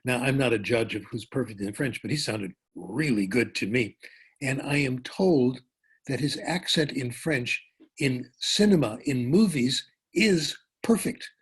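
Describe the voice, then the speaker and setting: An older man giving a lecture, telling a personal story in a relaxed, anecdotal way with small restarts. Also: medium pitch, unhurried, slightly rough. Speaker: keynote speaker.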